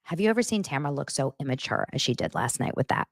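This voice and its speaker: A woman's voice: a bass voice, fast, creaky, dry recording, studio quality. A woman hosting a chatty reality TV gossip recap, talking straight to her viewers. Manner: animated, chatty, addresses viewers directly. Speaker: host.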